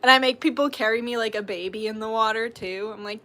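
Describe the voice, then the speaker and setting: A young woman talks casually to viewers of her live tarot stream, reading their comments aloud and answering them. Her voice sits a little high and sounds bright and clear. She giggles often and swears without a second thought. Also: fast talker.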